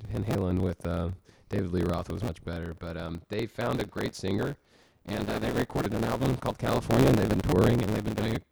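A man's voice: lowish voice, steady tone, brisk, gravelly. A man co-hosting a casual music podcast, talking in a rambling, jokey way with restarts. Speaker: podcast co-host. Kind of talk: casual chat. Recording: amateur recording with clicks and faint hiss.

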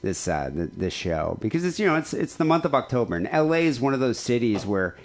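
Male podcast host, lively pitch, rambling jokey banter. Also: brisk. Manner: joking, rambling, lots of fillers. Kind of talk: casual chat.

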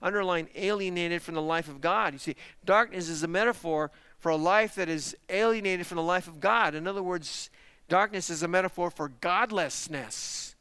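Bright-voiced man preaching a sermon. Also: high-pitched, normal speed, clear, resonant tone, no room sound. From parents lived in Texas. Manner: emphatic preaching with rhetorical questions. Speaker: pastor.

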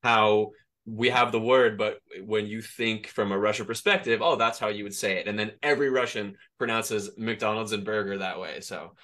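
Fast-talking male podcast host. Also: on the low side, fairly even intonation, sharp tone. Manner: fast-talking, friendly, chatty. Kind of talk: casual interview.

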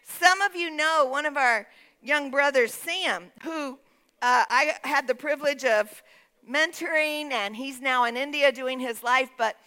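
A woman's voice: high voice, unhurried, bright, forceful tone. A woman pastor preaching a sermon in a church, emphatic, calling out to the congregation for responses. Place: church sanctuary.

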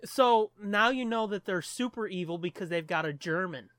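A man co-hosting a casual movie commentary, playful and jokey, quick to tease his co-host. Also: high voice, a bit bright, no echo, clean studio sound. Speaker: podcast co-host.

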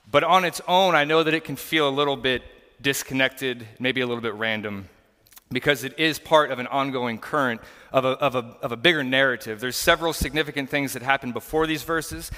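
A man's voice: medium pitch, brisk, bright, forceful tone. A man preaching a conversational sermon as a pastor, earnest and explanatory as he walks through scripture in a church. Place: church sanctuary. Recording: long church reverb.

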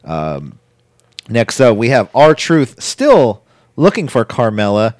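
A man co-hosting a casual chat, recapping a wrestling show in a rambling way with quick impressions. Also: medium pitch, huge pitch swings, a little mellow, no room sound, studio quality. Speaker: podcast co-host recapping wrestling.

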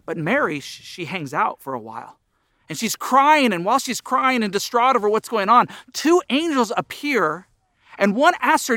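A man's voice: high voice, very animated, moderate pace, sharp tone, no room sound, clean studio sound. A middle-aged man preaching a sermon as pastor, earnest, his voice rising and dropping for emphasis.

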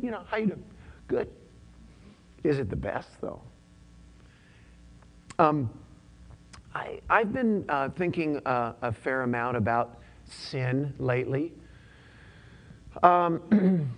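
A man's voice: fairly high pitch, expressive, takes it slowly, long pauses. A pastor delivering a conversational sermon, often repeating his points and using casual slang.

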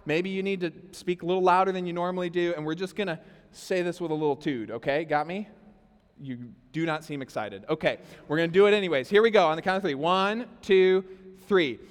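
A man preaching a sermon as pastor, animated and conversational, talking straight to the congregation. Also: high-pitched, in a large hall. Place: church hall.

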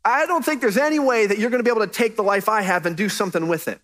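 A man's voice: sits high, rapid-fire, a bit bright, pitched above the performer's own voice. A man voicing a whiny, reluctant young man who doubts himself. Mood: doubtful. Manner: whiny, self-pitying.

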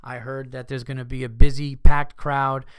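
Comedian host, male, swearing storyteller, dry close mic, mid-pitched voice. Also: moderate pace, clean tone, no room sound. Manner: profane, animated, acts out his own outbursts. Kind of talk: casual storytelling monologue.

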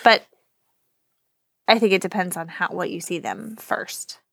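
A woman's voice: lowish voice, a little slow, gravelly, fairly bright tone, no echo, studio quality. A woman co-hosting a casual podcast, chatting wryly while watching a movie, a bit sleepy. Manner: wry, joking. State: sleepy, yawning. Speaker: podcast co-host.

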